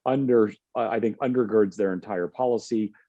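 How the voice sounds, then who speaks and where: A man on a policy panel, speaking in a measured way with many fillers and restarts. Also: lowish voice, dark tone, dry recording, dull audio.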